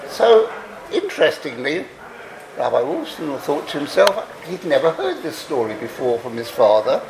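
A man telling a story to a gathering, animated and drawn out, laughing now and then. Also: a little high, moderate pace, roomy sound, rough recording. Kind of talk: storytelling talk.

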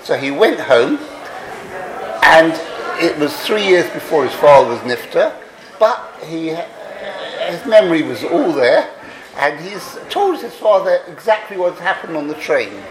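A man telling a story to a gathering, animated and drawn out, laughing now and then. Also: a little high, measured pace, echoey room, a crowd in the background, poor audio. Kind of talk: storytelling talk.

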